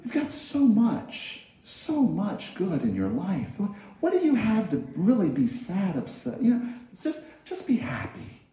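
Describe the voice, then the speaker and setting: A male minister delivers a sermon in a chatty, conversational way, often repeating phrases. His voice sits high and moves a lot, with a mellow, soft tone. The sound carries strong echo from a large hall. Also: wildly swooping pitch, a little slow. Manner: conversational, repeats phrases and acts out everyday quotes. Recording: very echoey hall.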